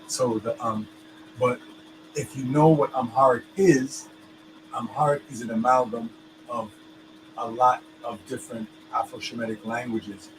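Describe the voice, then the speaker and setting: A man's voice: medium pitch, background noise. A man explaining things in casual chat, loose and full of fillers, often checking that his listener understands.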